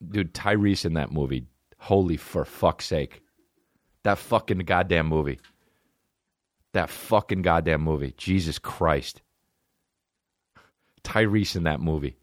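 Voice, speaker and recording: A man hosting a comedy podcast, rambling and swearing in a casual rant that jumps between mumbled asides and sudden high-pitched outbursts. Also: a little slow, long pauses, dry recording, studio quality. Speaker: podcast host.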